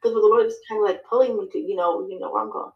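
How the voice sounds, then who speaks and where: A woman guesting on a podcast, telling her story in lively fashion, acting out her own dialogue, with many fillers and restarts. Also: mid-range voice, racing, gravelly, echoey room, dull audio. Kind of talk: casual interview chat.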